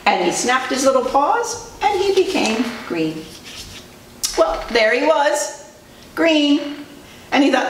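Woman, preschool teacher, storytelling, animated, higher voice, far mic, faint noise. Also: slow. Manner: animated, asks children questions. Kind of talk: storytelling to children. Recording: roomy distant recording, faint noise.

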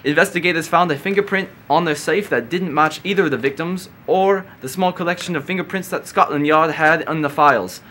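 A man's voice: fairly high pitch, a little fast, few pauses, bright, forceful tone, a little hiss or hum, pitched above the performer's own voice. A young man doing a clumsy mock British newsreader. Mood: mock-serious. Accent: put-on British. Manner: admittedly clumsy, exaggerated accent. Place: school sound booth.

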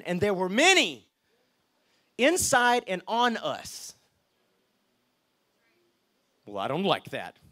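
A man preaching a lively sermon as pastor, often checking in with the congregation. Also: on the high side. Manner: lively, chatty, asks the crowd okay and right.

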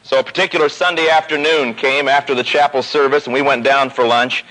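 A man preaching a sermon, telling a personal story with growing animation and pausing slowly on key points. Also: fairly even intonation, sharp tone, rough recording. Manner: storytelling, rising pitch as the story builds. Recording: old radio broadcast recording.

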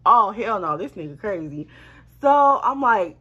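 A woman telling a casual storytime to her viewers, animated and swearing freely. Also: a little high, a little slow, husky. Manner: animated, swearing, slangy, addresses viewers as y'all. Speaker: storytime vlogger.

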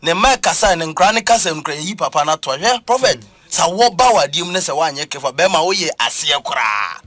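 A Ghanaian man preaching on a talk program with a high, lively voice. He talks emphatically, swinging between Twi and English. The sound is close and dry, with no room around it. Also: a little fast, no echo, soft background music. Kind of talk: animated church talk show discussion.

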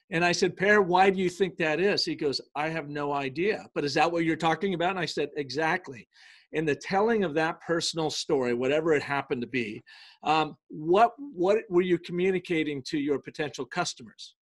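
A middle-aged man, a guest on an interview show, tells business stories in a lively way and acts out the quoted dialogue. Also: on the high side, moderate pace. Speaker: guest, brand storytelling consultant. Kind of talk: storytelling in a casual interview.

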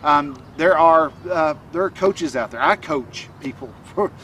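Talking casually to camera, a man acting as a self-help coach gives a motivational talk, rambling and restarting often with plenty of fillers. His voice is a little high and a little slow, pushed and bright. The mic is distant, with a little hiss or hum.

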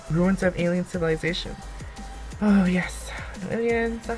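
A woman's voice: fairly low pitch, normal speed, poor audio. Young woman gaming, squeals and gasps a lot, begs the game, faint music behind. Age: young adult. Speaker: gaming YouTuber. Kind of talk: let's-play commentary.

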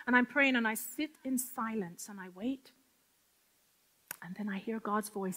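A middle-aged woman giving a lively spoken testimony, storytelling with acted-out quotes. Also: on the high side, measured pace. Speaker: testimony speaker.

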